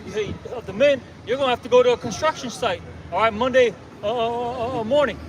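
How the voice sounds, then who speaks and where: High-voiced man preaching hard on a street. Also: quick pace, a crowd in the background. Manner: confrontational, emphatic, punctuates with "okay?". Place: outdoors on a city street. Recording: distant outdoor recording with street noise.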